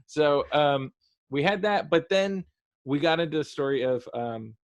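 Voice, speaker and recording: A man co-hosting a casual review chat, talking in a rambling, halting way with lots of fillers and lively quoted asides. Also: on the high side. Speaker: podcast co-host reviewing a TV episode.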